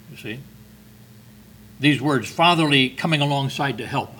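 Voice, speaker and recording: A man's voice: medium pitch, fairly bright tone, a little hiss or hum, rough recording. An older man preaching a sermon, reading scripture with earnest, emphatic stresses.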